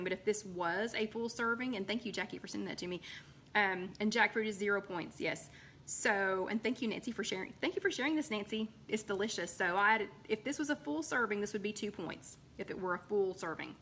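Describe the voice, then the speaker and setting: A woman's voice: mid-range voice, fairly bright tone, a little hiss or hum. A woman hosting a live recipe chat from her home, rambling casually with lots of ums and greeting viewers by name.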